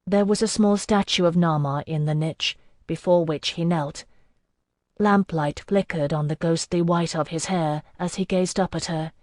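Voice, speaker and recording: An audiobook narrator reading a fantasy novel in measured, first-person storytelling. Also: medium pitch, steady tone, darkish tone, no room sound, clean studio sound.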